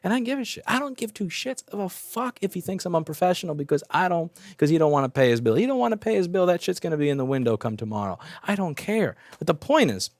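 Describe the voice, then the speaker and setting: A man's voice: high voice, very animated, fast talker, hardly any pauses, a little mellow, no room sound. A man who owns a repair shop and hosts the channel, speaking in a casual opinion rant. He is blunt and profane and repeats himself as he talks.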